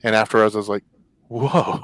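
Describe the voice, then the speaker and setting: A male talk show host who rambles with excitement and calls himself geeky. His delivery is loose and chatty, and the sound is dry with no room echo. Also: mid-range voice, moderate pace. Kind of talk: casual live show chat.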